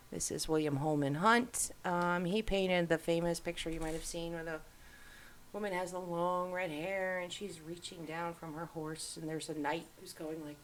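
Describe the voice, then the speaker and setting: A middle-aged woman hosting, giving casual commentary while browsing on screen and musing aloud as she goes. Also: sits low. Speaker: host.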